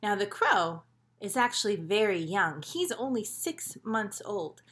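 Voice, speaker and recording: A woman teaching a children's story movement lesson in an animated, encouraging way. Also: mid-range voice, a little slow.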